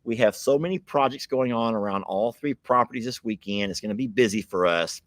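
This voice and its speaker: A man's voice: medium pitch, brisk, dry recording. A man hosting a livestream, chatting casually and folksily with a guest. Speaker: livestream host. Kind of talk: casual live chat with a guest.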